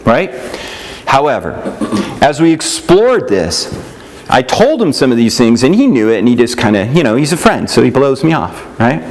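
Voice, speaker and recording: A man's voice: medium pitch, big pitch swings, moderate pace, slight background noise. A man teaching a nutrition class in a casual, conversational way, often checking in with "right?" and "yeah?" and acting out what other people say. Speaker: nutrition instructor.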